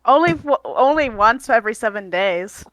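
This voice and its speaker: Brief: woman player narrating her character, hesitant, slightly high, dry sound. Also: lively intonation, normal speed, fairly bright tone, dry recording, rough recording. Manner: hesitant, filler-heavy narration. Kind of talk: describing her character in a tabletop game.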